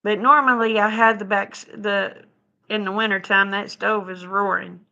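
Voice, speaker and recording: A middle-aged woman chatting with her viewers on a live stream from home, folksy and quick to laugh. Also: medium pitch, steady tone, vocal fry, pushed and bright, muffled recording. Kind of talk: casual chat with viewers. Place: home, indoors.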